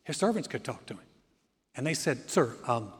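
A pastor preaching a sermon as an animated storyteller, often throwing in "man" and swinging from loud to quiet. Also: medium pitch, a little fast, slightly rough. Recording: long hall reverb.

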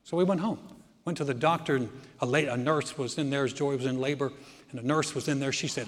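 A man's voice: medium pitch, fairly quick. A man in his sixties preaching a sermon, alternating emphatic, swelling declarations with anecdotes told with repeated words and restarts. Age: 60s. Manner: emphatic preaching that swells loud on key lines, with stories in between. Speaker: pastor. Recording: long hall reverb with faint music.

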